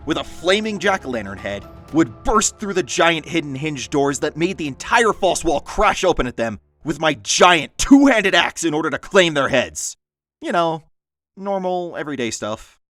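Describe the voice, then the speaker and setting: A man reading funny stories aloud in a lively storytelling manner, with dry asides. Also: mid-range voice. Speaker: story narrator.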